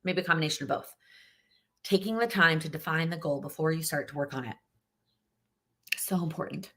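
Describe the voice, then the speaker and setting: A young woman answers viewer questions on a live stream in a chatty, encouraging way, often circling back and restarting mid-sentence. Her voice sits low yet has a bright, forceful edge. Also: quick pace. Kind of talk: live Q&A, casual advice.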